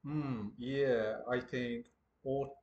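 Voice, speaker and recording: A man's voice: medium pitch, steady tone, very slow, a little mellow, lo-fi sound. A man chatting casually with an AI tutor, playful and a bit hesitant, often joking around. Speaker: English teacher trying out an AI tutor. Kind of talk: casual chat.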